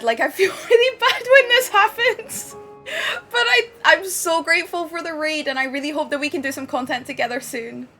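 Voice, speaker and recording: A woman's voice: fairly high pitch, a bit bright. A Scottish woman streaming from home, chatting effusively with her viewers and swearing casually at times. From Scotland.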